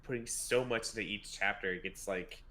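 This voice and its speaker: Man, lower voice, laid-back, casual podcast chat, agreeable. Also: a little fast, bright, forceful tone. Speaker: podcast co-host.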